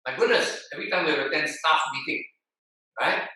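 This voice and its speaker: Animated preaching man in echoey hall. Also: on the high side, moderate pace. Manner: animated, exclaiming, rhetorical questions. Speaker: pastor. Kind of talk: sermon. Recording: echoey hall, far from mic.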